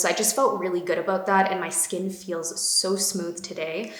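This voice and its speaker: A woman's voice: fairly low pitch, fairly even intonation, moderate pace, hardly any pauses, fairly bright tone. A young woman gushing about beauty products in a casual vlog, with lots of fillers. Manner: bubbly, gushing, many fillers. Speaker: beauty vlogger. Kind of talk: casual chatty product talk. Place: home room. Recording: echoey room.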